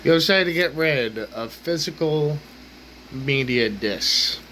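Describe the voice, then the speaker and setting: Speaking slowly in a sharp, rather high and animated voice, this vlogger rants to camera from his kitchen table indoors, exasperated, cursing and saying the same things over. The audio is rough, with some hiss or hum.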